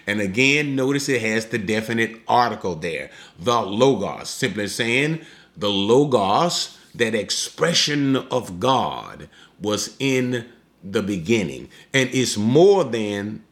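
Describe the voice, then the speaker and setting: A male preacher teaching from scripture in an unhurried, deliberate way. His pitch swings widely as he leans into key words, pausing to explain them. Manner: emphatic, slows down to explain.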